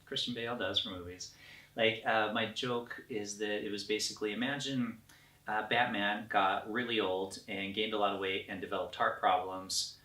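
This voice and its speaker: A frank, opinionated man talking through a film review. His voice has a bright edge and is picked up from some distance. The recording sounds echoing and roomy. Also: fairly low pitch, fairly even intonation, normal speed. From United States. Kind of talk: casual film review chat.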